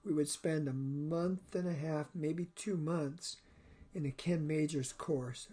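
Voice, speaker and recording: A man with a husky, mellow voice delivers a recorded college chemistry lecture. He explains each step in short, measured phrases, sitting a little high for a man's voice. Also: steady tone.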